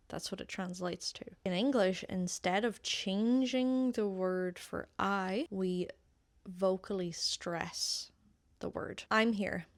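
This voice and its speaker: A woman's voice: mid-range voice, no echo, studio quality. Irish woman teaching a language lesson. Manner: patient, repeats example phrases slowly for learners. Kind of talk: casual online language lesson.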